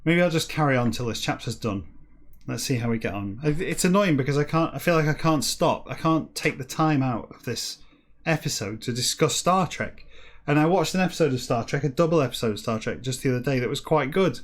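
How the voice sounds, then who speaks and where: A man hosting a comedic solo podcast, rambling off on tangents, putting himself down, and reading a text aloud in slow, halting word-by-word bursts. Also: medium pitch, expressive. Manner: rambling and self-deprecating, with frequent digressions. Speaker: podcast host.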